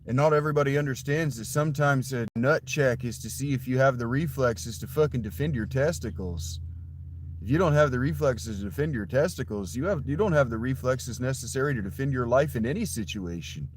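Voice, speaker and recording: A man chatting with his livestream audience in a loose, rambling way, confiding in them as he goes. His put-on voice sits forward in the throat with a slight gritty distortion, pitched in an ordinary middle range. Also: fairly quick, slight background noise. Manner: rambling, confiding, talks straight to his chat. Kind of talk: casual livestream chat.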